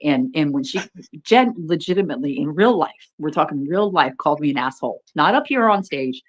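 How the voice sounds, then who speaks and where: A woman hosts a casual livestream with a low, deep voice. She talks bluntly and teases her co-hosts, swearing freely as she goes. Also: expressive, fairly quick. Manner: blunt, profane and teasing. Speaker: livestream host.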